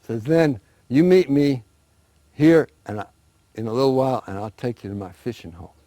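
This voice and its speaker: A man's voice: mid-range voice, expressive, moderate pace, mellow, dry recording, voice pushed up, close to an everyday voice. A man voicing a boastful trickster rabbit in a folktale, talking eagerly and coaxing his listeners. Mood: wheedling.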